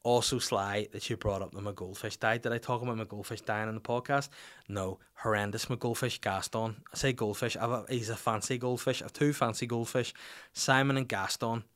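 A Northern Irish podcast host in his thirties tells a rambling anecdote in casual storytelling mode, swearing freely and mimicking the people in his story. His lowish voice is fairly bright and a little fast, with fairly even intonation.

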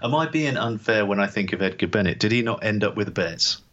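Low-voiced, bright-toned chatty man. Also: expressive, fast, muffled recording. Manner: chatty, teasing, laughs easily. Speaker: podcast co-host. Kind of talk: casual sports chat.

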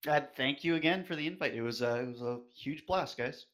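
A man's voice: mid-range voice, brisk, a bit bright. A man, a podcast guest chatting casually and hesitantly, with lots of filler words. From Canada. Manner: hesitant, lots of ums and likes. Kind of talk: casual chat.

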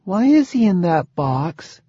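A man's voice: sits high, big pitch swings, slow, mellow, breathy edge, no room sound, muffled recording, voice pushed up, exaggerated voice. A man voicing a shy, curious little girl who speaks in a small, uncertain voice. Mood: timid, curious. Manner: small, uncertain, childlike questions.

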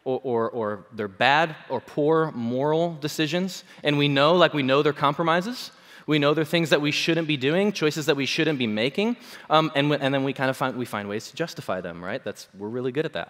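A man preaching a sermon in a conversational, joking way, checking in with his listeners often. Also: a little high. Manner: conversational, animated, jokes with congregation. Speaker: pastor. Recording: long hall reverb.

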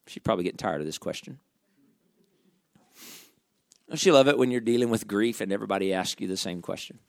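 A man preaching a sermon, dramatic and full of rhetorical questions, dropping to a hush and then rising loud again. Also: fairly high pitch, very animated, normal speed, no room sound, studio quality.

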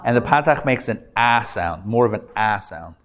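A man, a rabbi, teaching a live Hebrew reading class in an upbeat, playful way, sounding out letters slowly for his students. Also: on the low side, expressive, fairly bright tone. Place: class hall, recorded live.

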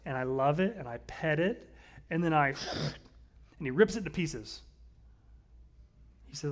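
Male pastor, 30s, earnest conversational sermon delivery, slightly raised pitch. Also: expressive, measured pace, pauses often. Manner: earnest, conversational preaching with shifts between loud and soft.

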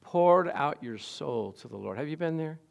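A middle-aged pastor delivers a sermon, shifting between quiet asides and loud, emphatic lines while asking the congregation questions. His voice sits a little high and is expressive, with vocal fry and a moderate pace.

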